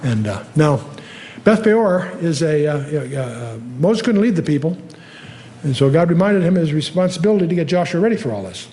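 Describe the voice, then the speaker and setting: An older man teaching the Bible verse by verse in a conversational way, often pausing with fillers and lifting his voice to read scripture aloud. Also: fairly high pitch, lively intonation, dark tone. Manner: conversational, reads scripture aloud with rising emphasis, frequent fillers.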